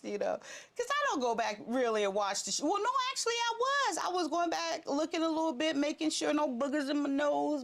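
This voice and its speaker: A middle-aged woman hosting a vlog and telling a story casually, acting out her own prayers and laughing as she goes. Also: sits high. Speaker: vlog host.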